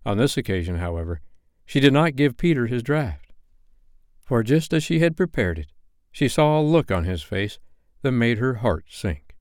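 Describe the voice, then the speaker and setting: A man reading a bedtime story aloud as a storyteller, with an expressive, animated delivery. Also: medium pitch, normal speed, no room sound, studio quality.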